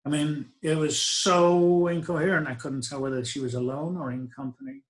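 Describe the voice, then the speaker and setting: A man's voice: fairly high pitch, fairly even intonation, moderate pace, poor audio. A middle-aged man, telling a personal story in a reflective, wry way with hesitant restarts. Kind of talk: first-person spoken storytelling.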